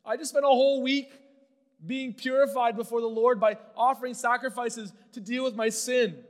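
A man's voice: sits high, fairly quick, a bit bright, big-room sound, pitched above the performer's own voice. A man voicing a grieving older male priest who pleads in anguish over his own unworthiness. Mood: pleading.

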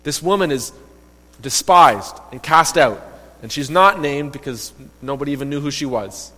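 A man preaching a sermon, retelling a story in a lively, emphatic way and voicing the quoted characters. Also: on the high side, moderate pace. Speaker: pastor. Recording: long reverb of a hall.

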